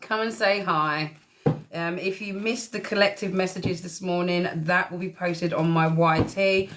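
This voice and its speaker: A woman reading tarot on a live stream, chatting casually, greeting viewers warmly and calling them pet names. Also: lowish voice, steady tone, a little slow, noisy background. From England. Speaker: tarot reader.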